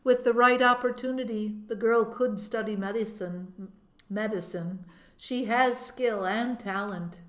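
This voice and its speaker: A woman reading the part of a kindly male hospital doctor in an audiobook, calm and reassuring. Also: on the high side, unhurried. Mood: earnest. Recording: roomy echo.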